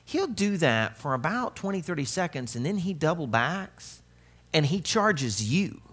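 A man's voice: fairly high pitch, sing-song, measured pace, a bit bright, breathy edge. A middle-aged man preaching a sermon as pastor, conversational and humorous, with playful asides.

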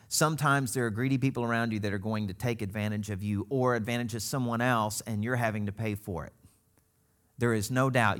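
A man's voice: on the low side, fairly bright tone. A middle-aged man from Missouri preaching a sermon as pastor, telling stories with laughs and quoted voices. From Missouri, United States.

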